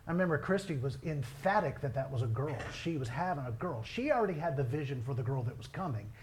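A middle-aged male pastor preaching a sermon, telling family stories in a lively way. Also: mid-range voice, fast, a little hiss or hum. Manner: storytelling, animated, quoting others in his own voice.

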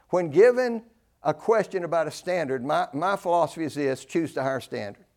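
High-voiced older preacher, emphatic. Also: male voice. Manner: emphatic, repeats key phrases, swings between loud and hushed. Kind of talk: sermon.

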